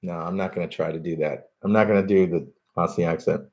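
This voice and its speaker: A man's voice: deep voice, steady tone, fast talker, a little mellow, dull audio. A man hosting a live stream, chatting casually and reading out viewer comments, with plenty of fillers and restarts. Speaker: podcast host doing a live stream.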